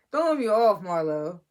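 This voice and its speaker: A woman talks through a reality show episode in a loose, off-the-cuff way. She circles back and restarts her sentences, and she sounds exasperated and amused by turns. Her voice sits at an ordinary middle pitch. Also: darkish tone. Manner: rambling and exasperated, frequent restarts and laughs. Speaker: reality TV recap vlogger. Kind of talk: casual episode review.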